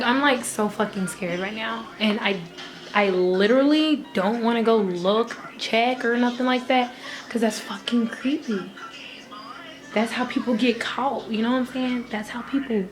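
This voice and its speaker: Young girl vlogging from her bedroom, kinda high voice, chatty, swears a lot. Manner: chatty, swears freely, laughs between thoughts. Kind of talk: casual vlog.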